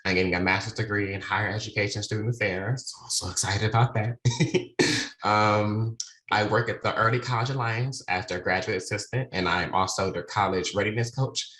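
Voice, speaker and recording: A man's voice: lowish voice, fairly even intonation, normal speed, sharp tone. A young man, a graduate student who coaches students for college, introducing himself on a panel in a polite, eager, thankful way. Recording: echoey room.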